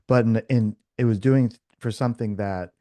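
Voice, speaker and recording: Male podcast host, low and mellow, dry sound; rambling casual storyteller who acts out quotes. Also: moderate pace, no room sound. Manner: rambling, full of restarts and fillers; animated, acts out quoted dialogue.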